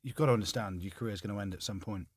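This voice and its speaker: A man in his forties with a lowish voice, talking in casual podcast banter as a retired rugby player. He ribs his friends and gets loud when he jokes. The sound is close and dry. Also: very fast, slightly rough, no echo. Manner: teasing, loud and lively when joking.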